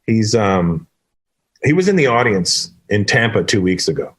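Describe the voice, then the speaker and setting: Chatting as a guest, a male stand-up comedian tells animated, casual stories and leaps into other people's voices. He has a lowish voice with big pitch swings and a moderate pace.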